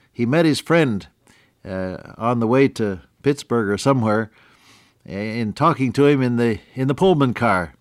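Casting: male radio Bible teacher, low voice, folksy chuckling delivery, dry close sound. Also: no echo.

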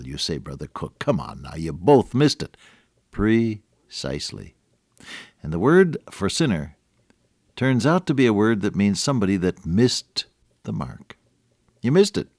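Male radio preacher, deep voice, dry close mic, storytelling sermon with emphatic build-ups. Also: darkish tone, dry recording. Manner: earnest, rises to emphatic peaks; conversational, with chuckles and restarts.

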